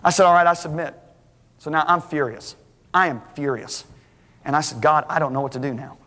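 A middle-aged man preaching a sermon as a lively story, acting out the dialogue. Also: fairly high pitch, brisk. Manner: animated, acts out dialogue, restarts. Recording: hall reverb.

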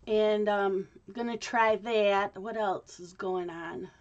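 A woman's voice: mid-range voice, steady tone, slow, highs cut off. A woman vlogging in a casual, rambling way, with frequent ums and restarts. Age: adult. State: hiccups. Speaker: craft vlogger. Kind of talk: casual chat to camera.

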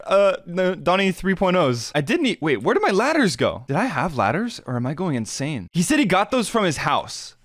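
Young guy, kinda high voice, bounces around a lot, confused game commentary, soft music behind. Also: sing-song, moderate pace, dry recording, studio quality. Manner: puzzled, exclaiming, questioning. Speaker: gaming YouTuber. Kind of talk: casual gameplay commentary.

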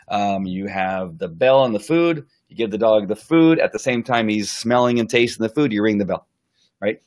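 A man who trains dogs giving a casual, rambling live-stream lesson, full of fillers and restarts, sometimes acting out what the dog thinks. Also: on the low side. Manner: acts out the dog's thoughts in quick asides.

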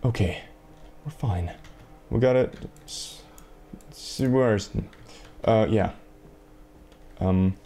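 A man's voice: on the low side, takes it slowly, long pauses, dark tone, a little hiss or hum. A man giving sarcastic, rambling gameplay commentary to himself, swearing often, at a desk microphone. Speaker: let's play gamer.

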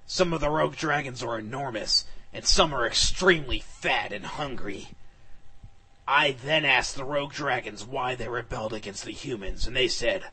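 A man giving a comic, mock-dramatic reading of fan fiction, sometimes bursting into shouts. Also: mid-range voice, normal speed. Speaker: reader.

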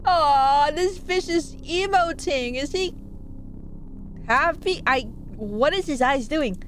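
A woman's voice: sits high, expressive, slow pace, a bit bright, a little hiss or hum, poor audio. A woman streaming a game who rambles, jokes, and chats with her viewers. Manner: rambling, jokey, chatty with viewers. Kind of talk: casual game commentary.

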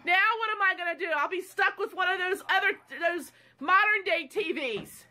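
A woman, a mother, scolding and yelling in an exasperated heated family argument. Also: extremely high pitch, moderate pace, slight background noise.

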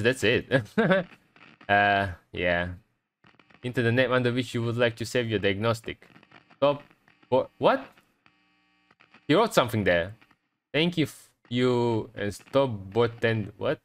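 A man with a mid-range voice provides horror game let's-play commentary as a streamer, jumpy and swearing as he reads the on-screen text. The recording is low quality.

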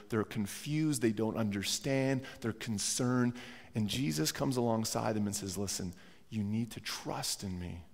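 A man with a lowish, darkish voice preaches earnestly as pastor in a church sanctuary, sick with a cold. He keeps restarting phrases and repeating words, and long church-hall reverb fills the recording.

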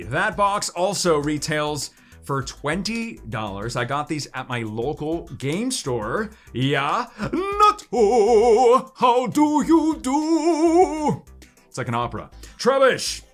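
A man's voice: a little high, sing-song, unhurried, fairly bright tone, soft background music. A man casually chatting while opening trading card packs in his home studio, playful and joking. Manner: playful, swoops into silly voices and mock wails. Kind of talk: excited pack-opening chatter.

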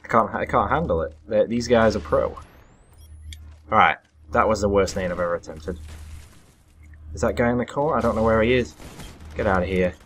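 A young man giving live commentary over his own gameplay, excitable and self-deprecating, breaking into sudden loud yelps. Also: lowish voice, normal speed, pauses often, a little hiss or hum. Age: young adult. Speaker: gaming commentator.

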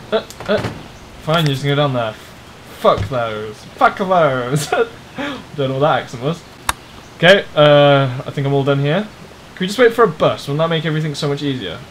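A man's voice: on the high side, slight background noise. A man giving rambling, jokey let's play commentary on a driving game, swearing often. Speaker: gamer playing a driving game.

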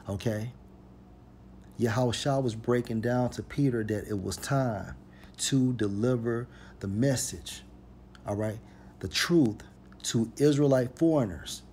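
A man's voice: mid-range voice, slight background noise. A man preaching, reading scripture verses aloud and stressing each point with "point blank, period.". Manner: emphatic, repeats "point blank, period", reads verses slowly and forcefully.

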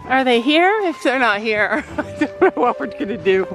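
A woman's voice: a little high, animated, moderate pace, over music, poor audio. A woman chatting upbeat to camera in a casual vlog while walking outdoors on a farm, laughing often. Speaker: vlogger, mother. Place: outdoors on a farm, walking through woods and fields.

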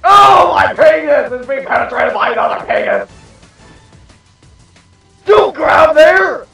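A man playing a hot-tempered fat mad scientist, shrill and gravelly, spitting out sputtering outbursts. The voice drawls slowly, heard from off the mic in an echoey room. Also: big pitch swings, sharp tone, shouting, soft background music, some chatter behind, exaggerated voice. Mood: outraged. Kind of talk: improvised comedy fan dub. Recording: echoey, distant home mic.

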